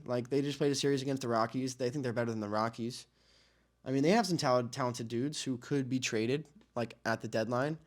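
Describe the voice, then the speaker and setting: Excitable young man rambling about baseball. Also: medium pitch. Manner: excitable, rambling, repeats phrases. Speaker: sports podcast host. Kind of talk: casual baseball commentary.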